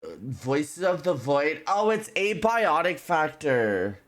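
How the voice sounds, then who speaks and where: A woman's voice: sits low, takes it slowly, hardly any pauses. A woman streaming a game, chatting casually and giggling with her chat. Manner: giggly, animated, talks to chat.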